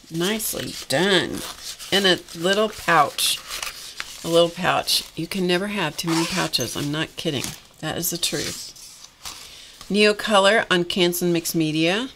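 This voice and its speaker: A woman's voice: low-pitched, unhurried, noisy background. A middle-aged woman chatting casually on a craft live stream, exclaiming over gifts and talking to her viewers, her voice a little tired and coughing now and then. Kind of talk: casual live-stream chat, opening happy mail.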